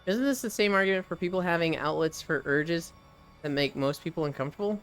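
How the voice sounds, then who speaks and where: A live streamer chatting casually while walking on a treadmill, reading chat aloud and telling stories with lively animation. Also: medium pitch, a little fast, faint music behind. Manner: reads chat aloud and riffs, animated storytelling.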